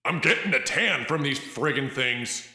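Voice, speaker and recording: A man's voice: medium pitch, animated, unhurried, pushed and bright, husky, pitched above the performer's own voice, exaggerated voice. A man voicing a wry young male captive who bluffs and jokes under threat. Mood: griping. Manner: sarcastic, bluffing.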